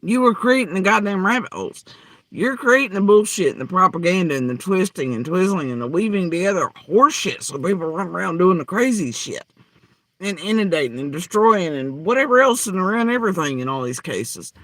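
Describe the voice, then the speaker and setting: A man's voice: high-pitched, expressive, brisk, a bit bright, dry recording. A man ranting angrily and profanely in reaction to clips, mocking and heated. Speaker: commentary host. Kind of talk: angry reaction rant.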